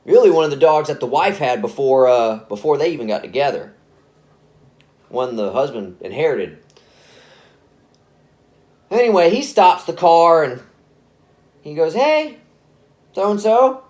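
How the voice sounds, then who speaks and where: A man's voice: a little high, sing-song, measured pace, pauses often, a little mellow. Casual rambling male storyteller. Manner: casual, rambling, self-correcting. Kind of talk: spoken scary story narration.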